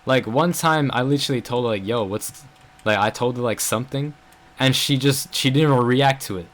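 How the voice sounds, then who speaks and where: A man's voice: mid-range voice, a little fast, a bit bright. A young adult man telling a story in a casual vlog, rambling with lots of fillers and venting his frustration. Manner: rambling, filler-heavy, frequent "bro" and "like". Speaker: vlogger.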